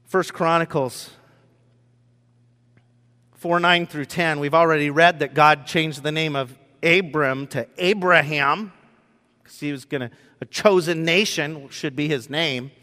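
A man pastor preaching a sermon in a room with whiteboards, telling the story in an animated way and acting out the scenes. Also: on the high side, a little slow. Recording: long reverb in a hall.

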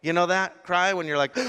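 A middle-aged man telling his conversion story in a sermon, emotional and animated, acting out his own gasps and words. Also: fairly high pitch. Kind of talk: sermon testimony. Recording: long hall reverb.

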